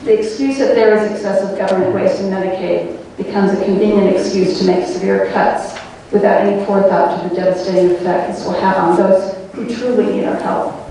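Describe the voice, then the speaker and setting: A woman's voice: mid-range voice, steady tone, brisk, dark tone, a little hiss or hum. A woman at a town hall reading a prepared, earnest statement, emotional and wavering at times. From New York State. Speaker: citizen speaker at a town hall. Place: large public hall. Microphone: floor microphone heard from afar. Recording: echoey hall recorded from far off.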